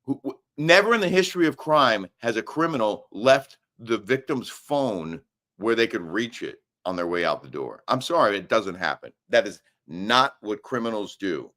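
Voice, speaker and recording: Speaking at a moderate pace with a fairly low voice, this middle-aged co-host of a live daily show broadcasts from a hotel room. Casual in tone, he goes through viewer comments and pushes his views with animated, argumentative, emphatic bursts.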